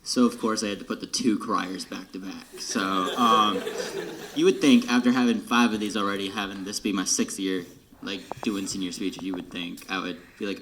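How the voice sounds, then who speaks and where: Young man, late teens, gravelly voice, emotional, half-whispering drum major farewell. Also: fairly low pitch, steady tone, moderate pace, fairly bright tone, slight background noise. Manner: choked up, often dropping to a whisper, sighing. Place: band room.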